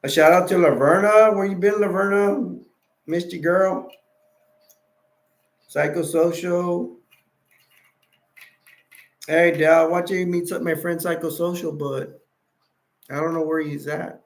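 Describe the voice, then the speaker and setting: A man's voice: sits high, steady tone, measured pace, vocal fry, pauses often. A tired man hosting a late-night livestream, rambling casually and reading chat messages and wiki text aloud. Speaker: livestream host.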